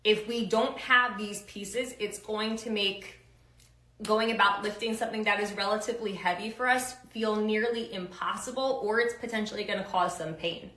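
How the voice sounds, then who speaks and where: A woman's voice: medium pitch, steady tone, moderate pace, pushed and bright, reverberant, poor audio. A woman strength coach giving upbeat, casual instructions with slang and countdowns for kettlebell lifts.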